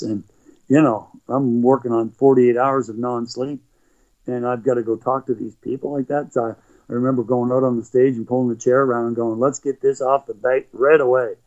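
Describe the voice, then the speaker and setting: A middle-aged Canadian man telling rambling stories as an interview guest, with frequent restarts. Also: mid-range voice. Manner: rambling, animated anecdotes with frequent restarts and laughs. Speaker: guest, motivational speaker and former athlete. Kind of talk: conversational storytelling. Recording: dull lo-fi recording.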